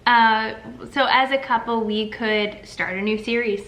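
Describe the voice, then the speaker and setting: Chatty young woman, bright crisp voice, upbeat casual chat with her husband. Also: a little high, steady tone, a little slow, low-quality recording. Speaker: co-host.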